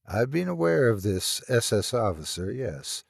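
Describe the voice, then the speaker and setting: A calm, gentle professor, read by a man with a mild, measured delivery. The sound is dry and close. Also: medium pitch, vocal fry, husky, dry recording, exaggerated voice.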